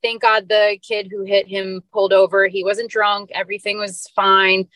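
A woman's voice: medium pitch, level tone, moderate pace, a bit bright, no room sound. A woman guest on a podcast, telling a personal story in an earnest, emotional way with casual fillers. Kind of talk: personal story told in an interview.

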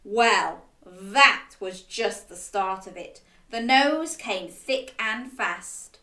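Woman, children's storyteller, animated picture-book reading, interactive, slow, bright, echoey room. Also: mid-range voice. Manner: animated, interactive, asking listeners to join in.

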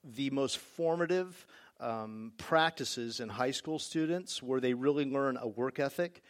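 A man's voice: medium pitch, measured pace. A middle-aged man and father, talking casually and wryly about his family's rules. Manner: casual, wry, with fillers. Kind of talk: personal talk on parenting.

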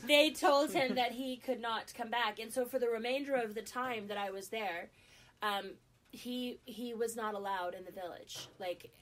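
A woman's voice: a little high, moderate pace. A middle-aged woman, a guest on a talk show, telling a story in a casual way with lots of fillers and restarts. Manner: lively, with frequent fillers and restarts.

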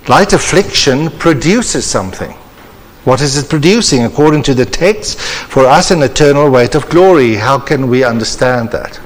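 A man delivering a sermon with earnest, measured preacherly emphasis at a conference. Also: medium pitch, expressive. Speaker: conference speaker. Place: church hall. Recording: reverberant church hall.

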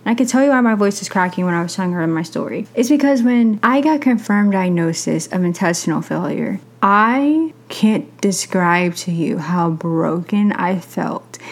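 A young adult woman hosting a podcast, telling a personal story in a candid, animated way and acting out other people's lines. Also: fairly low pitch. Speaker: podcast host.

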